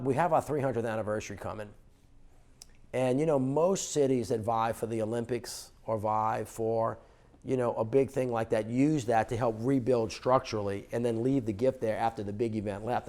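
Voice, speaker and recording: A middle-aged man from New Orleans talks in a gravelly voice at a mid pitch. He tells an animated story on stage at a fundraiser and acts out the dialogue as he goes. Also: normal speed. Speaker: former mayor. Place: stage conversation at an indoor fundraiser.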